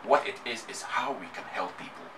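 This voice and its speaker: Ghanaian man, low-pitched and fast, emphatic guest in a radio studio, heard from a distance over noise. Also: animated, fairly bright tone. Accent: Ghanaian English. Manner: emphatic, repetitive rhetorical speech. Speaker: musician and activist guest. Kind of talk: radio interview. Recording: distant mic, noisy studio.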